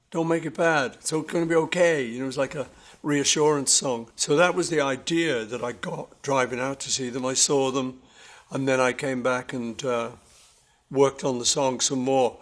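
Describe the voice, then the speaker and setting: A man being interviewed about his songs, telling stories in a relaxed, rambling way with many self-corrections. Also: fairly high pitch. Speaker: interviewee musician. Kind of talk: casual anecdotal storytelling.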